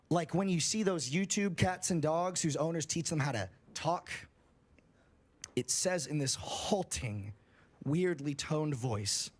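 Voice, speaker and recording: A man's voice: mid-range voice, vocal fry, husky. A man on a livestream telling a scary story in a casual, profane way, building suspense. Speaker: streamer.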